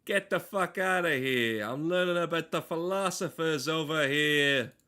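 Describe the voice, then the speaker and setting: A man doing an exaggerated, profane impression of a brash New York guy, loud and dismissive. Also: medium pitch, animated, moderate pace, close to an everyday voice. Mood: mocking.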